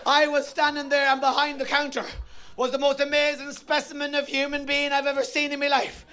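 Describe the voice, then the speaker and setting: Irish guy doing stand-up, very high voice, loud rowdy bawdy storytelling, yells the punchlines. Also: monotone, brisk, slight background noise. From Ireland. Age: middle-aged. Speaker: stand-up comedian. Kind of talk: stand-up comedy routine. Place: theatre stage.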